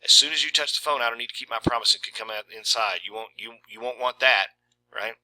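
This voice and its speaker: A menacing young man who talks to his target in a falsely gentle, coaxing murmur, as a male reader puts him on. The voice is very bright and cutting, never raised. It sounds sweet and threatening at the same time. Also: medium pitch, fast talker, dry recording, poor audio. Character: menacing smooth-talking young man stalker.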